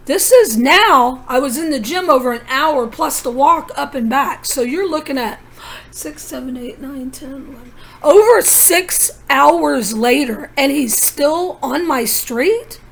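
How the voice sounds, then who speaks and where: A woman's voice: sits high, lively intonation, measured pace, vocal fry. A woman vlogging in a rambling personal monologue, telling her story in an urgent, conspiratorial way with many asides.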